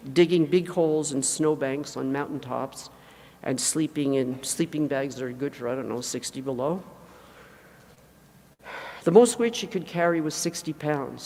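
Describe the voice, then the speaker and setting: An older woman, mother of the deceased, giving an emotional, halting eulogy with frequent self-corrections in a large hangar. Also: low voice, dark tone. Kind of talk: memorial eulogy. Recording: long reverb in a large hangar.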